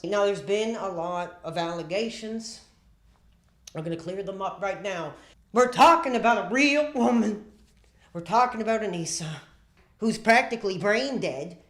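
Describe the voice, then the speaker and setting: A man's voice: sits high, a bit bright, echoey room. Rambling, sighing man ranting on stream. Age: 30s. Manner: rambling, dramatic, sighing, stammering restarts. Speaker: livestreamer. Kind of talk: rambling comedic livestream rant.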